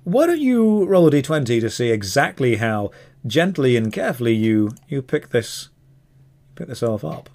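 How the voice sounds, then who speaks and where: A man's voice: mid-range voice, sing-song, moderate pace, darkish tone. A man narrating a tabletop game as dungeon master, playful and teasing.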